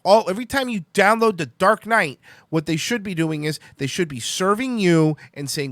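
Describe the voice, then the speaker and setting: Profane, high-voiced man ranting. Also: lively intonation, normal speed, few pauses, a bit bright, dry recording, clean studio sound. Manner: profane, heated ranting with frequent restarts. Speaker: podcast host. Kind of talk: ranting live-stream talk.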